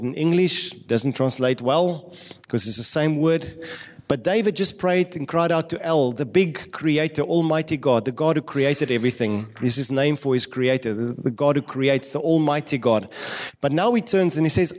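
A pastor with an Afrikaans accent preaches to his congregation in a church. His voice sits a little high for a man. He talks earnestly, restarts his phrases often and drags out the words he wants to stress. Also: moderate pace. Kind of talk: sermon.

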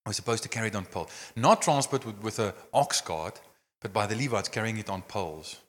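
A man preaching a sermon, telling a Bible story with lively gestures and many "I mean" and "you know" fillers. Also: lowish voice, fast talker. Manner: animated storytelling, acting out scenes. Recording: long hall reverb.

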